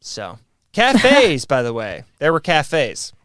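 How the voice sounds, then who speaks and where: A man's voice: fairly high pitch, wildly swooping pitch, takes it slowly, a bit bright, smooth, dry recording, studio quality. A man co-hosting a podcast in a laid-back, casual chat, swearing now and then and running a trivia quiz. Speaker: podcast co-host.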